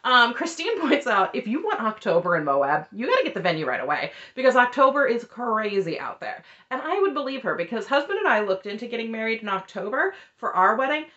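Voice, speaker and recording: Wry, chatty woman host in her thirties, animated delivery, muffled lo-fi recording. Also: fairly high pitch, a little fast, few pauses. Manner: chatty, wry, lively retelling with quoted voices. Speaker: recap host. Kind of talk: casual chat recap.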